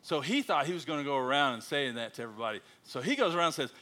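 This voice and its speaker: Animated American missionary man telling stories. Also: on the high side, very fast, hardly any pauses. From United States. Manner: animated storyteller, acting out quotes with a jokey voice. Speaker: missionary speaker. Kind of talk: church talk to a congregation.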